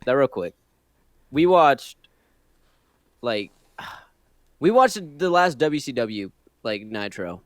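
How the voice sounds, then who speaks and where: A man's voice: mid-range voice, sing-song, slow pace, long pauses, no room sound, clean studio sound. A man co-hosting a casual podcast, ranting with lots of swearing and laughter. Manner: loud, laughing, swearing rants. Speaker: podcast co-host. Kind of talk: casual wrestling podcast chat.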